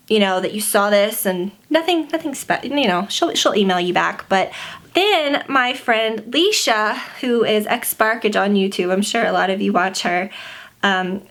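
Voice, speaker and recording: A woman's voice: medium pitch, fairly bright tone. Chatty young woman, near tears. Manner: chatty, gushing, many fillers. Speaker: beauty vlogger. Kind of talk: casual pregnancy update vlog.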